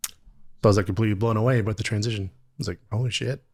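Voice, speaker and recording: A podcast participant chatting casually, agreeable and quick with short affirmations. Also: mid-range voice, steady tone, darkish tone.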